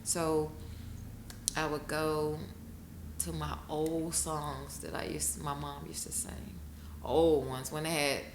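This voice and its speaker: Low-voiced woman telling her story with feeling. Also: little pitch movement, slow pace. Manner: emotional, bursts into laughing high-pitched retellings. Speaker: guest. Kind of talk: candid interview storytelling. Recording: echoey room with noticeable noise.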